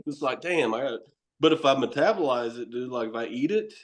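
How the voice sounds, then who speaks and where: A man's voice: medium pitch, animated, brisk. A middle-aged man with a Tennessee accent, telling rambling, profane stories with laughs in a casual podcast chat. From Knoxville, Tennessee. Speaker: horror host and wrestler.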